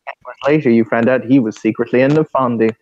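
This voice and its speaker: A man's voice: mid-range voice, steady tone, fast. A man narrating as game master of a tabletop role-playing game, with dry, teasing asides. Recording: dull lo-fi mic with faint hiss.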